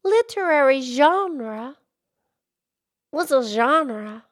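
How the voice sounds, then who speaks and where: A woman's voice: sits high, very slow, heavily acted. A woman voicing a cheerful, curious female pig who co-hosts a playful podcast and asks eager questions. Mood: bubbly. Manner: excitable, chatty, eager questions. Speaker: podcast co-host. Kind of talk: playful kids' podcast role-play.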